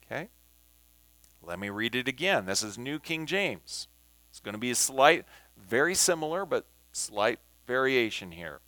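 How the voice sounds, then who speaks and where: A man teaching a Bible study, talking slowly and deliberately and stressing words as he reads scripture aloud. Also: medium pitch, very animated, sharp tone, dry recording. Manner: slow and deliberate, emphasizing words when reading scripture.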